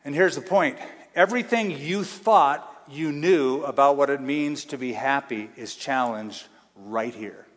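A man's voice: medium pitch, fairly bright tone. Man preaching in a reverberant church hall. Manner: emphatic preaching, slows for stress, asks congregation to answer. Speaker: pastor. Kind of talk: sermon.

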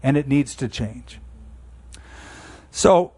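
A man in his sixties preaching a sermon in a conversational, emphatic way, slowing down on key phrases. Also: medium pitch, expressive, warm tone, husky. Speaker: pastor.

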